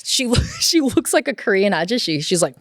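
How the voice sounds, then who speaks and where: A woman, a puppeteer and podcast guest from the United States, tells family stories in a casual, animated way, laughing often and using lots of "like". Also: fairly high pitch, fairly quick, dry recording, studio quality. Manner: animated, laughs often, mimics her parents' voices; heavy use of "like" as filler. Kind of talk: casual conversational storytelling.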